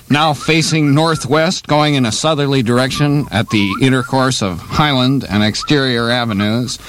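Halting man stumbling through a mock broadcast. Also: fairly high pitch, a bit bright. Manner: halting, full of uh's. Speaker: comedy performer. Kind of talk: hesitant mock-anchor in a comedy sketch.

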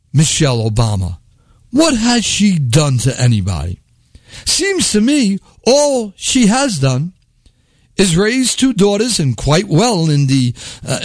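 A man's voice: sits high, no room sound, clean studio sound. A man delivering a sarcastic, mocking political monologue, rambling at times. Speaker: commentator.

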